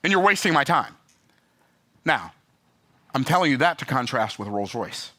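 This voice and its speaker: A man telling a story and ranting about customer service, emphatic and animated with sudden pitch jumps. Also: moderate pace. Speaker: business vlogger. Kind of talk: opinionated talking-head rant.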